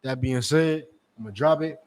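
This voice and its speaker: A man preaching in a forceful, scolding way, repeating his points. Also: mid-range voice, moderate pace. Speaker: street preacher. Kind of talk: street-corner preaching.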